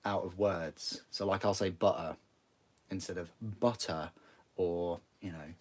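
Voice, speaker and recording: Young northern English male hobby streamer, low gravelly-soft voice, chatty and meandering. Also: little pitch movement, moderate pace. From northern England. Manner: rambling, chatty, many restarts. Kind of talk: casual chat while building models.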